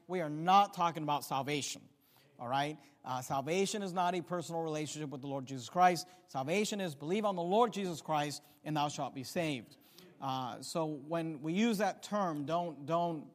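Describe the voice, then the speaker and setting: A man preaching a sermon, emphatic, repeating key phrases and rising in volume to stress points. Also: on the high side. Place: church sanctuary. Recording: long reverb of a hall.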